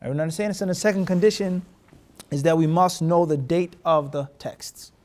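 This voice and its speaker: An Islamic teacher gives a classroom hadith lesson, mixing Arabic terms into his English and often pausing to ask rhetorical questions checking that students follow. His voice is a little high and slightly mellow, with fairly even intonation and a slightly fast pace.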